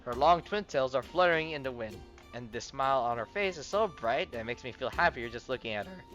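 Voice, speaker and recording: A man's voice: mid-range voice, animated, a little fast, fairly bright tone, faint music behind. A man casually reading a game's story text aloud, often stumbling over words and starting lines again.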